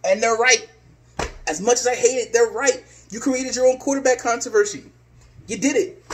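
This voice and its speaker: A man's voice: extremely high pitch, moderate pace, slight background noise. A man ranting angrily as a sports fan vlogger, exasperated and repeating his insults. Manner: angry, exasperated, repetitive insults. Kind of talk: ranting vlog.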